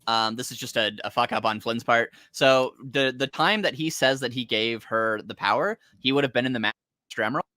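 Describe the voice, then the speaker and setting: Male podcast co-host, mid pitch, bright, excitable fan energy. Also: a little fast, no echo. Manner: enthusiastic, laughing, swears casually. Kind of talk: casual comic recap chat.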